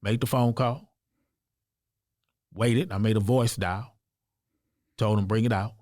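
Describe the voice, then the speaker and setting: A man's voice: medium pitch, steady tone, slow, a little mellow, no room sound, studio quality. A man from the United States, a podcast guest, telling his own story in an earnest, emphatic, conversational way. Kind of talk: personal storytelling in an interview.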